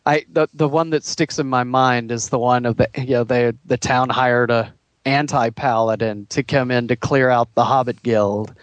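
A podcast co-host with a medium-pitched voice speaks at normal speed with fairly even intonation, in a muffled recording with no echo. He chats casually about old gaming comics, laughing along, amused, trailing off and restarting.

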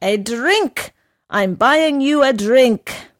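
A woman's voice: a little high, expressive, extremely slow, no echo, studio quality, voice pushed up. A woman voicing a drunken, touchy male horse in a bar who talks in clipped, broken phrases. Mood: tipsy insistent.

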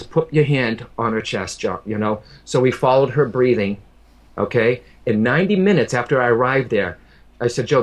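A man who works as a medium, telling an emotional personal story in an earnest, repetitive way and often addressing the host by name. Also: medium pitch.

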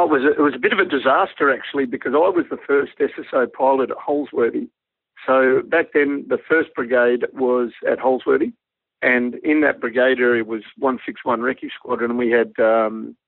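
Australian ex-Army pilot guest, gravelly, self-deprecating yarn-spinner, dry tinny line. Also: male voice, medium pitch, moderate pace, no echo. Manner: relaxed, self-deprecating, laughs while telling stories. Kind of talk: anecdotal interview storytelling.

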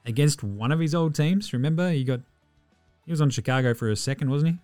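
An excitable Australian man rattles through scores in a quick, casual recap, throwing in jokes and the odd swear. His voice sits a touch high, recorded dry and close with faint music underneath. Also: dry recording. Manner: excitable, swears freely, jokey asides. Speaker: podcast host. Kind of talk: fast casual sports recap.

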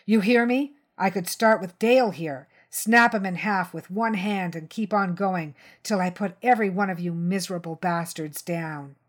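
A woman's voice: mid-range voice, measured pace, natural voice. A woman reading a story aloud, voicing a violent, sneering man who threatens a family. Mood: menacing. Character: brutal menacing adult man, a violent stepfather.

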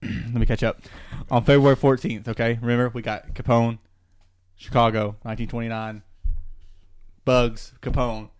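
A young man co-hosting a podcast, loose and playful as he drives the conversation. He keeps telling a story with mock-spooky teasing. His pitch sits in an ordinary middle range. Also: flat delivery, normal speed, clean tone. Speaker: podcast co-host. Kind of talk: casual chat.

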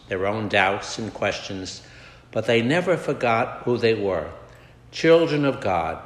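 A Redemptorist priest, a man, reading scripture and preaching a homily in a measured, deliberate way. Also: lowish voice, fairly bright tone. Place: large basilica. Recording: echoey church with long reverb.

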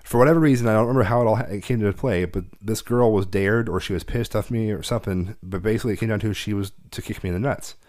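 A man's voice: fairly low pitch, racing, hardly any pauses, darkish tone. A man telling rambling, profane stories in casual chat, often laughing at himself.

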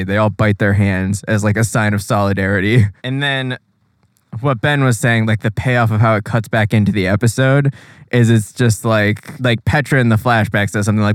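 A man's voice: lowish voice, steady tone, moderate pace, no echo, clean studio sound. A man co-hosting a podcast, chatting casually and profanely about an anime episode, laughing often and acting out quotes. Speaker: podcast co-host. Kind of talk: casual anime recap chat. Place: in a car.

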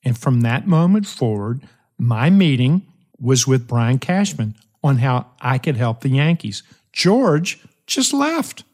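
A man hosting a motivational podcast, telling a story emphatically with dramatic pauses and shifting pace. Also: medium pitch, sing-song, darkish tone. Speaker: podcast host.

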